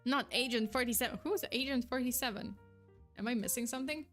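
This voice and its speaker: Animated, giggly young woman streamer. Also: on the high side, soft background music. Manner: animated, giggly, quick reactions. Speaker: streamer reading chat. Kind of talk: casual live-stream chat.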